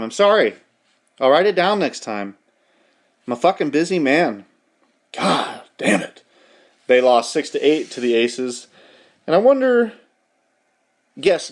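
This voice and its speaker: Animated, foul-mouthed male podcast host. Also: a little high, moderate pace. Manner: profane, rambling, mock-outraged. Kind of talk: casual sports rundown.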